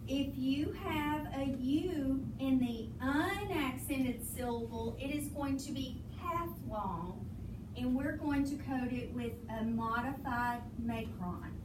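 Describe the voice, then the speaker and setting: A woman's voice: sits high, takes it slowly, far from the mic. A woman teaching a phonics lesson in a classroom, patiently prompting her students to finish her sentences. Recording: echoey classroom recorded from afar, with noise.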